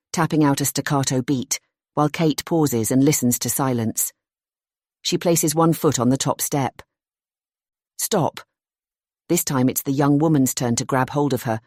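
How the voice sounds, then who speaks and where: Thriller audiobook narrator, tense and steady, dry close recording. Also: mid-range voice, no echo.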